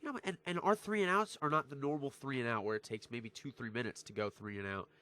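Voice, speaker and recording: A man's voice: medium pitch, fast talker, pushed and bright. A young man in his teens giving a heated, frustrated football recap vlog, emphatic and repetitive, swearing freely. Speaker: vlogger, sports fan. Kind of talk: heated sports recap rant.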